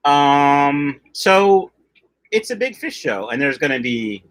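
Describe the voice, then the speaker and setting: The middle-aged host of a fish-keeping livestream speaks slowly in a sing-song, slightly high, somewhat bright voice. He chats loosely, jokes around while reading viewer comments, and drifts off topic.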